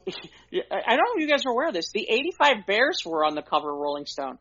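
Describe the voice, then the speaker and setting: A man's voice: high-pitched, sing-song, quick pace, pushed and bright. A man co-hosting a podcast in casual chat, candid and conversational, peppering his talk with "you know". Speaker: podcast co-host. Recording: dull lo-fi podcast audio.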